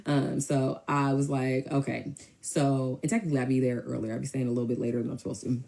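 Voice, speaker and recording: A woman telling a personal story in a casual, animated way, with emphatic asides. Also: extremely low pitch, creaky. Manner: animated, emphatic, quick to mimic others.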